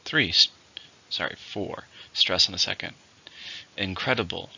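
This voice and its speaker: A man teaching English vocabulary in a recorded lesson, with slow, clear, deliberate pronunciation drills. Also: low voice, animated, pushed and bright. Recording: dull lo-fi recording.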